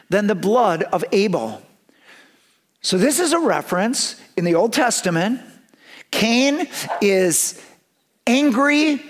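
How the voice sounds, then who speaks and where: A man preaching a sermon, earnest and conversational, speeding up in his asides. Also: high-pitched. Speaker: pastor.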